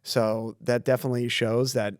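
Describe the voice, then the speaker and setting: Easygoing man guest, mid-pitched, frank and anecdotal, dry close podcast mic. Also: little pitch movement, normal speed, dry recording. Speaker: community foundation staff. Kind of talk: casual podcast conversation.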